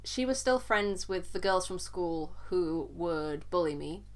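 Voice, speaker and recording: A young woman vlogger telling a personal story in an earnest, halting way, sometimes repeating words as she struggles to go on. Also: fairly low pitch, expressive.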